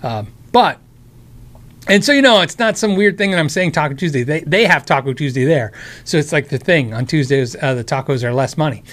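A man's voice: fairly high pitch, animated, fairly quick, a bit bright. An American man hosting a casual live stream, answering chat questions about guitars in a rambling, friendly way, his voice tired and worn. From United States. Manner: rambling, friendly, with many restarts and asides.

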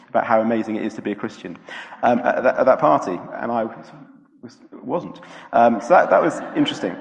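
A man giving an informal sermon in a church, telling a personal story in a chatty, halting way with many fillers and restarts. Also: medium pitch, in a large hall. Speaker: preacher.

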